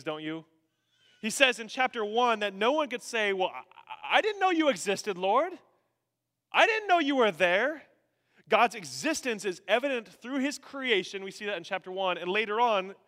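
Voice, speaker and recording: A man preaching a sermon as pastor, animated and dramatic, swinging from loud bursts to hushed emphasis. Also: high-pitched, long reverb tail.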